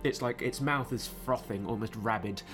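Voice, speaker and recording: A man's voice: medium pitch, moderate pace, a bit bright, faint music behind. A man narrating as game master, in loose, rambling speech full of fillers.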